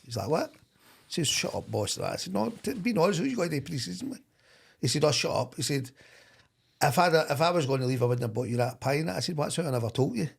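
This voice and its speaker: A middle-aged Scottish man, a former football manager, telling stories in a lively way with frequent laughs. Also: a little high, fast, gravelly, breathy edge. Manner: animated, laughing anecdote-teller. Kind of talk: storytelling in podcast chat.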